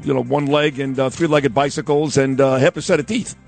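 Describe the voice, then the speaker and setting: A man's voice: medium pitch, fairly even intonation, fairly quick, creaky, darkish tone, faint music behind. A man hosting a radio show, joking crudely and quizzing a caller. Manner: brash, profane, teasing.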